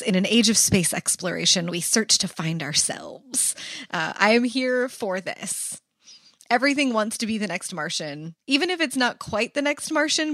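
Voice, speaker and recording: A woman co-hosts a book podcast, pitching new releases with upbeat energy. Her humor is dry and witty, and her middle-pitched voice is recorded close, with a dead, dry sound and no room echo. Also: a bit bright. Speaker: podcast co-host. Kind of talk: casual book chat.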